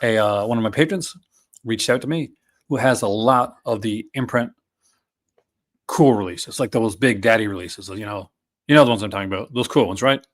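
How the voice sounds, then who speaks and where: A man's voice: on the low side, normal speed. A man hosting a casual live stream, talking enthusiastically with many fillers and restarts. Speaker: host.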